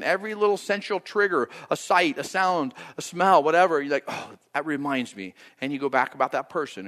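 A pastor preaches a sermon in a large hall, animated throughout. When quoting prayers, he acts them out, his pitch and loudness rising and falling.

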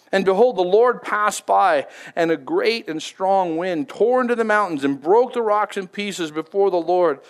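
Male pastor, high-pitched, chatty and emphatic, preaching a sermon. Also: a little slow. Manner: conversational, emphatic, repeats words.

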